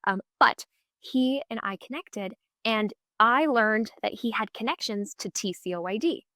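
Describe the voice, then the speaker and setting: Hosting her podcast solo, a woman in her twenties tells a personal story in a chatty, upbeat way, acting out the dialogue she quotes. Her fairly high voice is unhurried with a sharp tone. The studio sound is clean, with no room sound.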